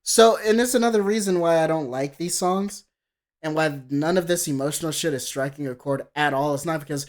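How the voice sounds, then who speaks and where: A man doing live-stream reaction commentary in a heated, profane rant, mocking the voices he quotes. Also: moderate pace. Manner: heated, profane ranting with sudden jumps in pitch. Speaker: streamer reacting to music videos.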